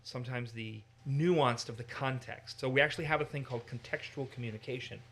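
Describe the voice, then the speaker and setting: An American man teaching in a casual discussion, animated and given to acting out voices in his examples. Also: mid-range voice, a little fast. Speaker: Bible teacher.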